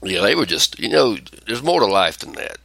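A man's voice: lowish voice, moderate pace, gravelly, husky. A man hosting a casual podcast chat, ranting and telling stories with plenty of swearing. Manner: profane, ranting, animated storytelling. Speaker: podcast host.

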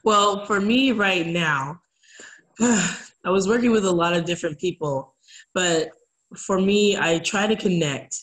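A woman's voice: fairly low pitch, slow pace, fairly bright tone, rough recording. A woman guest speaking earnestly in a casual interview, acting out the voices of people she quotes. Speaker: guest, community advocate.

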